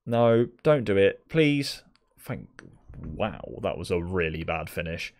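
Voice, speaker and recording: A young man with a fairly low voice commentates live on a game. He is chatty and exasperated, and talks straight to the players on screen as if they could hear him. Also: expressive, slow pace, a little mellow. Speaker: gaming video creator.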